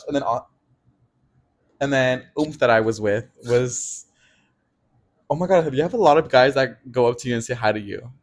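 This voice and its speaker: A young man in his twenties, co-hosting a podcast and telling a story in a casual chat, animated and laughing often. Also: mid-range voice, normal speed. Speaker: podcast co-host.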